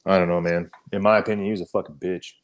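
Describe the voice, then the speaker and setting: A man with a fairly low voice recounts a combat story on a casual podcast. He talks loosely and swears often, with plenty of "you know" and "um" between his points. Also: fast talker. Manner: profane, animated storytelling, frequent fillers. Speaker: podcast co-host, army veteran.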